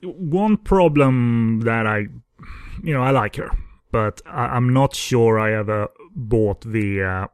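A man co-hosts a film podcast in a relaxed, conversational way. He hesitates often, filling gaps with small sounds and restarting his sentences. His voice sits at a middle pitch and sounds dry and close. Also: slow, smooth, no echo. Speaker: podcast co-host. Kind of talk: casual film review chat.

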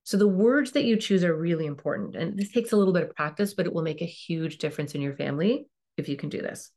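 A woman's voice: lowish voice, fast talker, darkish tone. A woman hosting a parenting podcast, giving earnest coaching advice and acting out what a parent might say. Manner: earnest, coaching tone, acts out parent and child lines; emphatic repetition. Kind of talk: advice monologue.

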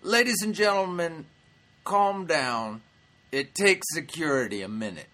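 A man doing an impression of a famous older comedian hushing a crowd in a calm, soothing way. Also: on the high side, unhurried, pitched above the performer's own voice.

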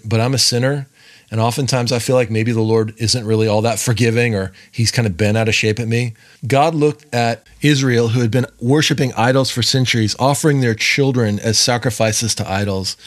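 A man teaching through a Bible passage in a plain, mid-pitched voice. He talks casually and breaks the verses down step by step, adding friendly asides. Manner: conversational, explains step by step with asides and "right?". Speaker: Bible teaching podcast host.

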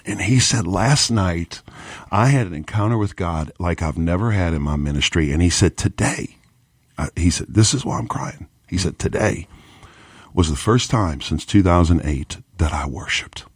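A deep, low-pitched man speaking as a pastor, recounting a moving story with earnest quoted dialogue. The sound is dry and close, with no room around it. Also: moderate pace, breathy edge, dry recording. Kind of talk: storytelling on a podcast.

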